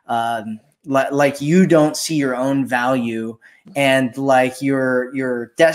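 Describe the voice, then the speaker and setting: A man hosting a relaxed conversation about dating, speaking with loose restarts and lively turns when he acts out what others say. His pitch sits in a middle range. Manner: animated, acts out quoted voices. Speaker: dating coach and host. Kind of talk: casual advice chat.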